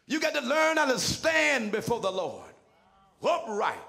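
High, gravelly, shouting preacher man. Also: wildly swooping pitch, measured pace. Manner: shouted, sing-song preaching cadence; folksy, colloquial phrasing. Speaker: senior pastor. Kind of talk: preaching a sermon.

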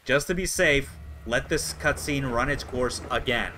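A young man chatting excitably while live-streaming a video game. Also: mid-range voice, unhurried. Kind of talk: live gameplay commentary.

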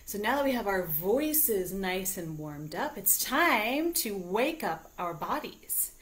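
A woman's voice: medium pitch, sing-song, slow pace, fairly bright tone. A woman teaching music to small children, talking to them in a bubbly, coaxing way during a live sing-along stream from home. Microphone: live video stream. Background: ukulele.

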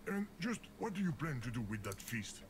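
A man plays a talking video game that narrates and loses patience with its player. The voice swings widely in pitch as it frets and snaps. Steady noise sits under the game audio. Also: moderate pace, lightly acted. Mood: flustered. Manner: scolding the player, theatrical outbursts. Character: the game itself, a fussy exasperated male narrator voice.

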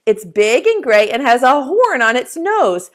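Speaking slowly and encouragingly to young children, a woman teaches a preschool lesson and asks them to repeat words after her. Her voice is high-pitched and sing-song.

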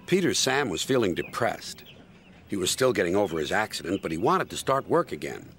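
A man narrating a children's story in an expressive storybook manner. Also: low-pitched, fairly quick. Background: music.

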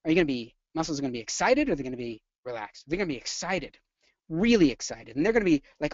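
Lively nursing instructor on a webinar. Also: mid-range voice, fast talker, no echo, muffled recording. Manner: energetic and chatty, quizzes the audience. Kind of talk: live webinar lecture.

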